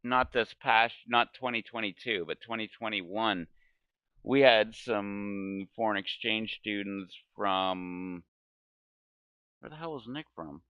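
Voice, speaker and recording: A man's voice: fairly low pitch, slow, clean tone, no echo, dull audio. A man in his forties telling a meandering story while gaming, often correcting himself and laughing. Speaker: gaming channel host.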